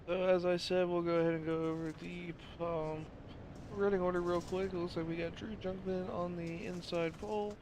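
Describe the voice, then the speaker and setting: A man's voice: high-pitched, flat delivery, normal speed, darkish tone, slight background noise. A man giving casual play-by-play commentary on a sim race, tired and losing his voice, with apologetic asides between calls.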